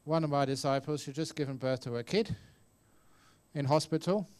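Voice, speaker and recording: At a meditation retreat hall, a monk in his 60s who teaches Buddhism answers questions in a dharma talk, his voice on the high side and his pace moderate. He's a chatty, relaxed storyteller who laughs often, talks with his listeners, and now and then voices the characters in his stories.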